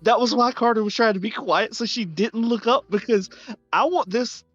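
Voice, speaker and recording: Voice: medium pitch, normal speed, fairly bright tone, dry recording. Laughing player over a dull dry mic. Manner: laughing, loose narration. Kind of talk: tabletop game chat.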